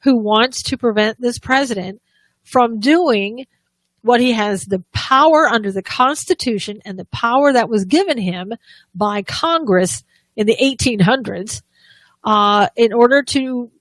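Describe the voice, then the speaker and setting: A woman's voice: fairly high pitch, dry recording. A woman co-hosting a live political talk show, giving opinionated commentary with frequent restarts and sarcastic asides.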